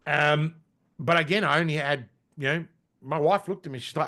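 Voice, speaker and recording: A man in his forties, a podcast guest telling stories in casual chat, animated, swearing casually and saying "mate" and "right?". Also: a little high, moderate pace. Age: 40s.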